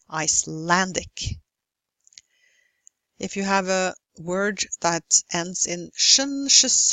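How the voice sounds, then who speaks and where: A woman teaching English word stress in a recorded lecture, slowly and carefully modelling each example word. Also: mid-range voice, a bit bright, no room sound. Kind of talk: recorded lecture over slides.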